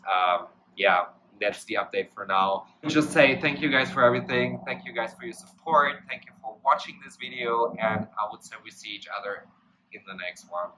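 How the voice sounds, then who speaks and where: A man's voice: on the low side, noisy background. A young man from Germany talking casually and emotionally to his vlog viewers from a rented apartment, rambling with many fillers and restarts. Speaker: travel vlogger.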